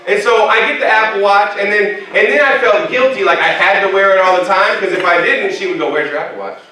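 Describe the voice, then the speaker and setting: A male pastor preaching with a high, bright, forceful voice and plenty of humor. He jokes with the crowd as he tells his stories. The sound is heavily echoey, picked up from far off in a church hall. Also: fairly quick. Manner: animated, humorous storytelling with congregation banter. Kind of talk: sermon. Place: church sanctuary.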